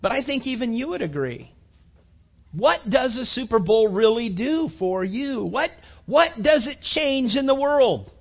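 A male preacher with a notably high voice speaks to a room of young men, rambling through stories with fillers and questions thrown at the crowd. The sound is dull and lo-fi, like an older recording. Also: animated, measured pace. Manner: rambling, chatty, many fillers and rhetorical questions.

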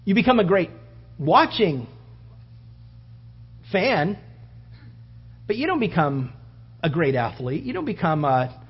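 A man preaching a sermon, acting out the story with loud outbursts and hushed whispers. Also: sits high, sing-song, slow, long pauses, slightly rough. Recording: dull lo-fi sound.

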